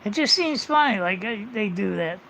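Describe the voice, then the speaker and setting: A man's voice: high-pitched, lively intonation, normal speed, vocal fry, bright, forceful tone, a little hiss or hum. A man livestreaming a casual, rambling monologue, blunt and full of swearing, on muffled lo-fi audio.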